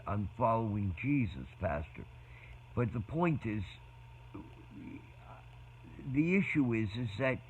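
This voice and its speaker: A man in casual, meandering talk about faith, often halting and restarting his sentences. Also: mid-range voice, fairly bright tone. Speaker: speaker in a faith conversation. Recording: dull lo-fi sound with faint noise.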